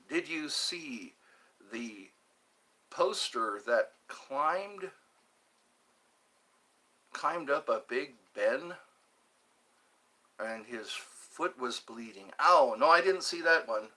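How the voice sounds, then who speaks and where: An older man chatting slowly on a livestream, his voice bright but husky. He reads out viewer comments and plays along with their requests. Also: on the high side, expressive. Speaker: livestream host. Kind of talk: casual livestream chat.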